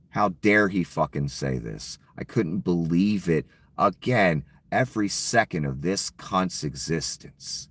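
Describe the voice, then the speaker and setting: A man's voice: sits low, sing-song, takes it slowly, no echo. A middle-aged man delivering an angry political rant to his viewers, sarcastic and mocking, swearing freely. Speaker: political commentary vlogger.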